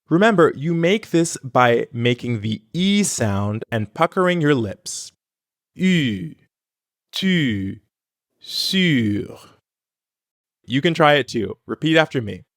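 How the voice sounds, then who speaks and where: A man co-hosting a scripted language lesson, modeling pronunciation slowly and clearly for learners. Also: fairly high pitch, dry recording, studio quality. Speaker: language teacher and co-host.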